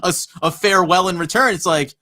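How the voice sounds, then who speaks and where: A man co-hosting a sports podcast in casual chat, animated and laughing as he acts out quotes. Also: high voice, fast. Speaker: podcast co-host.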